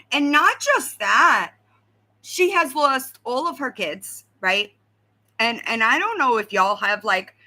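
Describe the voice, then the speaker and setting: A woman hosting a casual livestream, talking straight to her viewers in an animated, conversational way and often checking in with "right?". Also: a little high. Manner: animated, talks to chat, frequent "right?". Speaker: livestream host.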